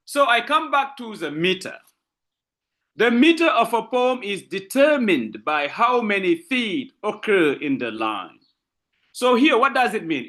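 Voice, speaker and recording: A man with a French-speaking West African accent gives an online literature lecture in a high-pitched, bright, forceful voice. He repeats his examples and stresses words slowly.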